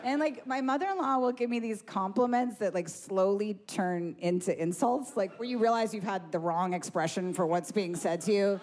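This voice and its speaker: A woman's voice: medium pitch, normal speed, hardly any pauses, darkish tone. A woman doing a stand-up set, brash and profane, full of likes and you-knows. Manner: brash, profane, filler-heavy. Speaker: stand-up comedian.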